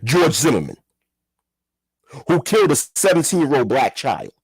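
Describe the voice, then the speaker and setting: A man's voice: mid-range voice, sing-song, moderate pace, slightly rough, no room sound. A man giving a heated, profane commentary rant, repeating himself and firing rhetorical questions. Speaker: commentary vlogger. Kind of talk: ranting commentary.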